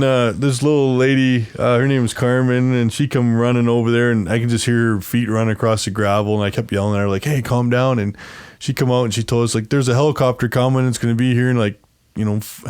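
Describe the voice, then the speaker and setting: A man's voice: mid-range voice, little pitch movement, fast, a little mellow, clean tone. A man casually telling a long story as an interview guest, rambling and acting out what others said, laughing often. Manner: rambling, acts out quoted voices, laughs often.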